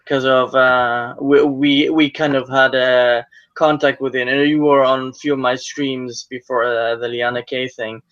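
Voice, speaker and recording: A man's voice: medium pitch, little pitch movement, measured pace, few pauses, fairly bright tone, clean tone, dry recording. A male interviewer speaking loosely and hesitantly in a casual interview. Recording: dull, dry audio.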